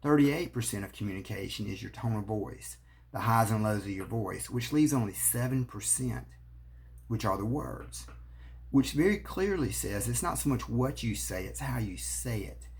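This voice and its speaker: A man's voice: mid-range voice, lively intonation, moderate pace, slight background noise. A man, a marriage therapist giving earnest advice straight to the camera. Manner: earnest, coaching, speaks straight to the viewer. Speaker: marriage therapist and relationship coach. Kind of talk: direct-to-camera advice talk.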